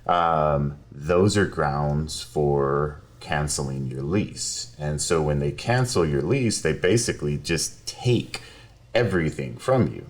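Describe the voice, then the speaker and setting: A man, a lawyer, telling a story in a casual podcast interview, animated and quick to laugh while acting out quotes. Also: very deep voice. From South Texas. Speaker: personal injury lawyer, podcast guest. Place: podcast studio.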